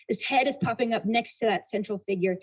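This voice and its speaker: A woman's voice: fairly high pitch, fairly quick, husky, rough recording. A woman giving a motivational talk as a storyteller, acting out dialogue and asking the audience rhetorical questions. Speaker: motivational speaker.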